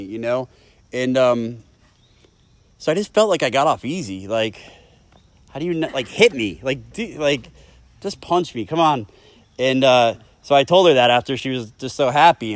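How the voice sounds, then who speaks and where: A man's voice: medium pitch, no echo. Candid man sharing at a recovery meeting. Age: 30s. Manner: candid, emotional, swears often. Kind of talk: personal recovery share. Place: meeting room.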